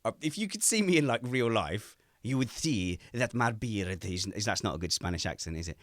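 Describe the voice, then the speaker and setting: A man hosting a casual podcast livestream from home, animated and joking. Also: fairly low pitch, brisk, no room sound, studio quality. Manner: animated, jokey. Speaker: podcast host. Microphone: streaming mic.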